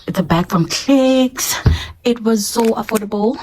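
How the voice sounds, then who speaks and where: A woman's voice: fairly high pitch, a little slow, noisy background. A young woman, a primary school teacher, chatting casually to camera and laughing often, repeating her words as she talks. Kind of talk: casual vlog chat.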